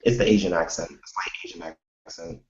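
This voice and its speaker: A man's voice: low-pitched, steady tone, a little fast, roomy sound, lo-fi sound, slight background noise. A man chatting casually, rambling through a story with lots of restarts. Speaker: live chat participant. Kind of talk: casual chat.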